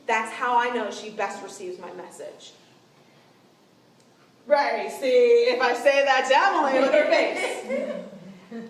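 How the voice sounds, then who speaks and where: A young adult woman giving a casual seminar talk to a team about client relations, conversational and animated. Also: a little high. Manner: conversational, animated, acts out quoted lines. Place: meeting room with an audience. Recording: roomy room sound, distant mic, faint noise.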